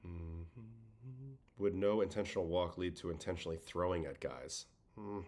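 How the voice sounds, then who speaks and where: Man host with a faint New York-Boston accent, deep voice, relaxed and a bit worn out, casual livestream talk. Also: moderate pace. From Brooklyn, New York. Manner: relaxed, conversational, reads chat questions aloud. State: tired. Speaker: livestream host, former pitcher. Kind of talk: casual livestream chat answering viewers.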